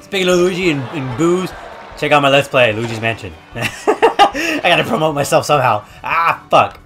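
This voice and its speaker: Loud, cursing young gamer man. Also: on the high side, very animated, moderate pace, soft background music. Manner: loud, swearing, trash-talking, yelling at the game. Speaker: gaming YouTuber. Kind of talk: let's play commentary.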